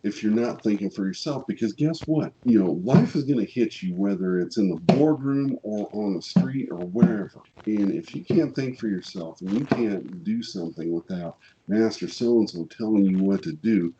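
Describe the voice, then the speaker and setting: A man's voice: fairly low pitch, normal speed, highs cut off, background noise. A man with a Missouri accent co-hosting a casual podcast, plainspoken and blunt, getting fired up as he talks. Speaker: podcast co-host.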